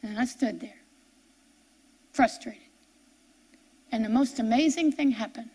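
A middle-aged woman preacher, her voice a little high, dark in tone and slightly rough, shares a sincere sermon testimony. The storytelling falters and restarts before climbing to impassioned preaching.

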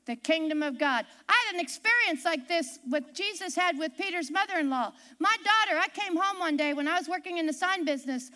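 A woman's voice: extremely high pitch, expressive, fairly quick, hardly any pauses, sharp tone. A woman pastor preaching a sermon from the pulpit, telling stories with emphasis and repeating key phrases.

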